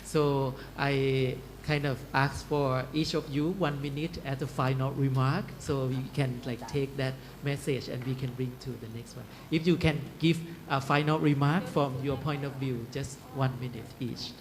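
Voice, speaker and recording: Halting male panel moderator. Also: mid-range voice, steady tone, a little hiss or hum. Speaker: session moderator.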